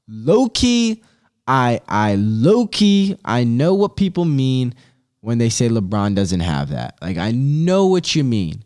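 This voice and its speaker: A young man in his twenties talks on his own podcast in a relaxed, unscripted way. His speech is loose and rambling, full of slang and casual swearing, with "bro" and "dude" dropped in constantly. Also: medium pitch, slow pace. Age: 20s. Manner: swears freely. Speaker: podcast host.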